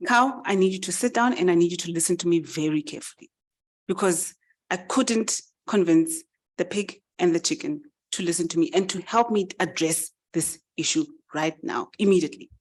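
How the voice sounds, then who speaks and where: A woman's voice: fairly low pitch, moderate pace, close to an everyday voice. A woman voicing an indignant, panicky little male mouse, pleading urgently.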